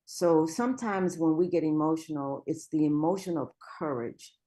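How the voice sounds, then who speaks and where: A woman's voice: low voice, normal speed, dark tone. A woman guest speaker giving an earnest, encouraging motivational talk.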